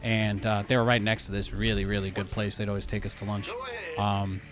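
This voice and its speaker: A man's voice: fairly low pitch, little pitch movement, brisk, music in the background. A young man from New York City streaming a game and chatting casually, with sarcastic, ranting asides. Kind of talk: casual live-stream chat.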